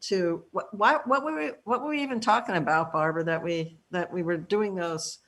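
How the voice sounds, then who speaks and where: A woman's voice: on the low side, moderate pace, fairly bright tone. Chatty woman telling a story. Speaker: acting student. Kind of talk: casual chat. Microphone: video call.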